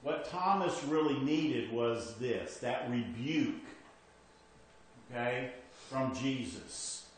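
Male pastor, slightly high voice, conversational preaching that drops to hushed moments, heavy church reverb. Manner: conversational preaching with restarts, swings from emphatic to hushed. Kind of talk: sermon.

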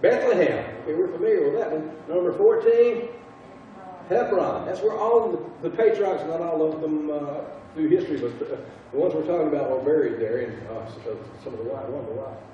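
Southern guy teaching bible class, halting, keeps asking the room stuff, far off mic, dull lo-fi sound. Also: fairly high pitch, heavy reverb, a little hiss or hum. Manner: halting, repeats words, asks the class questions.

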